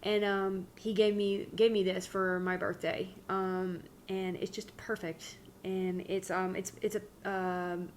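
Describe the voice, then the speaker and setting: A woman's voice: mid-range voice, slight background noise. Candid rambling woman channeler. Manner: candid, rambling, self-interrupting. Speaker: spiritual channeler. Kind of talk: casual spiritual talk.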